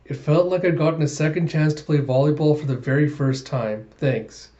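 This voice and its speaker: A man voicing a cocky, laid-back male volleyball pro in a lower, knowing tone. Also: steady tone, moderate pace, warm tone, muffled recording, lightly acted. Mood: smug, relaxed.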